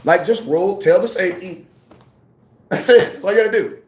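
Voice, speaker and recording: Animated, ranting man with a high voice. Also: moderate pace, roomy sound. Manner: animated, ranting, repeats himself, slangy. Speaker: sports commentator. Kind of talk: casual sports rant.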